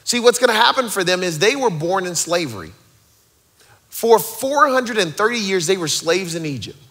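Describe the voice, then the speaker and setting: A man in his thirties preaching a sermon as pastor, energetic and rallying the crowd with joking asides. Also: high-pitched, normal speed.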